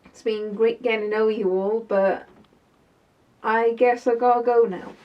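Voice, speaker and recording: A woman playing a sassy woman mechanic in a character video diary, chatty and quick to get heated. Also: fairly high pitch, fairly even intonation, far from the mic, dull audio, natural voice. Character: tough woman mechanic, sassy and fed up with stereotypes.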